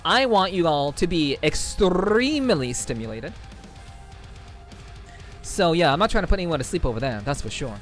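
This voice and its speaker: A man with a high, light voice talks loosely to his stream chat, cursing freely and circling back over the same words. Faint music plays softly behind him. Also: sing-song, normal speed, pauses often. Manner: profane, rambling, laughing, repeats himself. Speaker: livestreamer reading chat. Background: faint background music.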